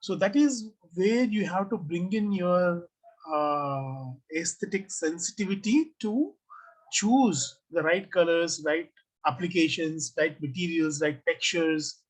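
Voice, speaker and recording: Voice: medium pitch, slow pace, low-quality recording. A design teacher giving an online class review, asking the class questions and reading out students' comments.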